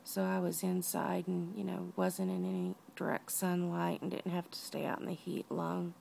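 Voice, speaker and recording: A weak, out-of-breath woman lying down at home, talking softly in a personal video diary and often dropping to a whisper. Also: on the low side, flat delivery, normal speed, creaky, slight background noise. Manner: tired, soft-spoken, often drops to a whisper. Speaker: vlogger.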